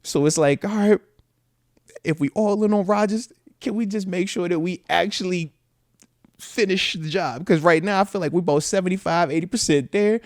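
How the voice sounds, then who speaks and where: A retired football player in his thirties, chatting casually on his show in an animated, slang-filled way and reading viewer comments aloud. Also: high voice, moderate pace, dry recording, studio quality. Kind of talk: casual live-stream chat.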